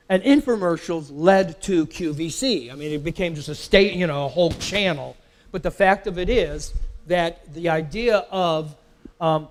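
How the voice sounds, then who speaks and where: Workshop presenter, male, high-pitched, emphatic, keeps quizzing the room with questions. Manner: repeats words and restarts while talking. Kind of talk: live marketing workshop lecture. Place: live event in a company facility.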